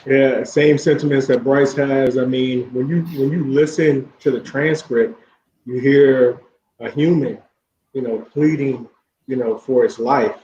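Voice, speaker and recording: A man talking as a podcast guest, measured and composed. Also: mid-range voice, fairly even intonation, darkish tone, roomy sound, dull audio, a little hiss or hum. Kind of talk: discussion.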